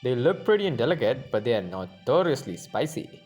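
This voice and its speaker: Gruff fish-stall guy with a goofy put-on accent, man voicing him, ribbing and jokey. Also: medium pitch, big pitch swings, fairly quick, a little mellow, faint music behind. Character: gruff mustachioed male fishmonger, jokey.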